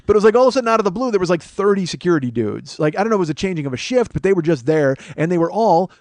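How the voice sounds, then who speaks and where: A man in his forties tells a story in a quick, high-pitched voice. He is animated and profane, and he jumps into the voices of the people he describes. The sound is dry and close to the mic, as on a podcast. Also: no room sound. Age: 40s. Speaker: comedy podcast host. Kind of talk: comic storytelling monologue.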